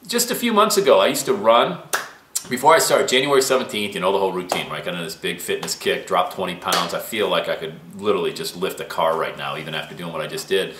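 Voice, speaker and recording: A man's voice: deep voice, quick pace, fairly bright tone, echoey room, slight background noise. A man giving a fired-up, preachy motivational talk to camera from a small studio room. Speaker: motivational vlogger.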